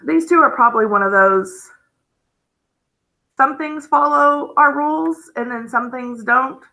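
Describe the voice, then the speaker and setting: Bright-voiced woman teaching phonics slowly. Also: high-pitched, poor audio. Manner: slow, patient, gently enthusiastic explaining. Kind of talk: phonics lesson.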